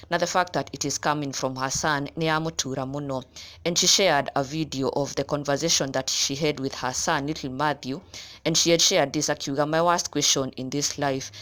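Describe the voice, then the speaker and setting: A woman's voice: sits low, a bit bright. A woman presenting entertainment news, reading steadily and mixing Kikuyu with English. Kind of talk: read news narration.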